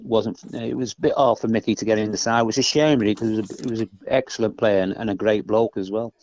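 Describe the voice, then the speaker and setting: An older man, once a footballer, chats casually as a podcast guest, rambling and often tacking on "you know what I mean." His lowish voice is a little mellow, with fairly even intonation and a quick pace, on dull, lo-fi, dry podcast audio.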